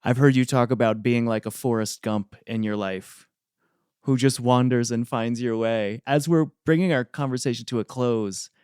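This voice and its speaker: Smooth-voiced man hosting an interview. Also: mid-range voice, moderate pace, no echo, clean studio sound. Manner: gentle, encouraging, brief affirmations. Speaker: podcast host. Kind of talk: interview questions.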